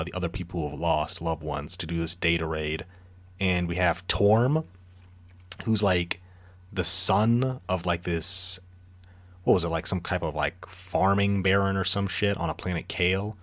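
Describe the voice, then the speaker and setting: A man's voice: deep voice, a bit bright. A man co-hosting a podcast, recapping a book's plot in loose, profane casual chat. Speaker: podcast co-host. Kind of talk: casual book discussion chat.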